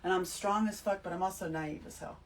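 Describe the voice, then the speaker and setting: A woman giving an emphatic, animated spiritual talk to her listeners, full of swearing. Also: on the low side, fairly quick, far from the mic, low-quality recording. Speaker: host. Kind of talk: spiritual monologue to camera.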